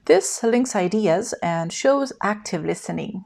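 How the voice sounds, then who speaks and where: A woman teaching English in a scripted lesson, speaking in a clear, even instructional way and modeling example phrases for the learner. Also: mid-range voice, a little slow, few pauses.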